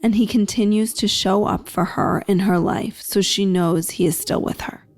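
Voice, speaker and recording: A woman hosting a podcast, giving measured scripted narration between stories. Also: medium pitch, steady tone. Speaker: podcast host.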